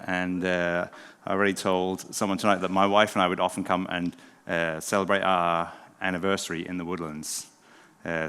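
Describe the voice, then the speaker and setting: A middle-aged man from England with an English accent softened by a southern drawl, giving a relaxed, self-deprecating talk to a live audience as a former pastor. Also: low voice, smooth. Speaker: pastor and speaker. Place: church event hall. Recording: long hall reverb.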